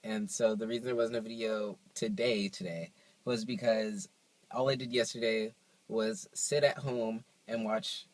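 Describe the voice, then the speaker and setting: A young man chatting to camera in a vlog, telling stories in an animated, playful way, recorded on his phone. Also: on the low side, dry recording, low-quality recording. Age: young adult. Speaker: vlogger. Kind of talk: casual chat to camera.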